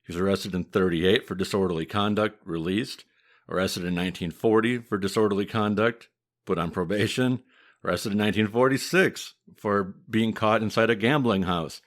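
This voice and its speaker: Deep-voiced Midwestern man telling history. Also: normal speed. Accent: Midwestern American. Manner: steady, matter-of-fact storytelling with dry humor. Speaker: podcast host, mafia historian. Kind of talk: casual podcast chat.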